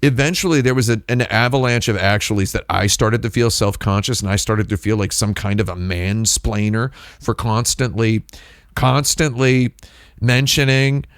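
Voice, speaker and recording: A man's voice: on the low side, normal speed, few pauses, no room sound, studio quality. A man hosting a live stream, chatting casually in a rambling, digressive way with lots of restarts. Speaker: livestream host.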